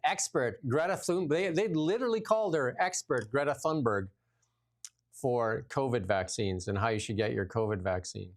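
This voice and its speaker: A man's voice: mid-range voice, normal speed. Sarcastic man hosting a political talk show. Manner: mocking, sarcastic, repeats phrases for effect. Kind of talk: casual political chat.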